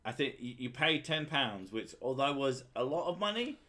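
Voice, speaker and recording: A man's voice: medium pitch, sing-song, normal speed, bright, forceful tone. A man co-hosting a casual livestream, joking and teasing, swearing now and then. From England. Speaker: streamer co-host.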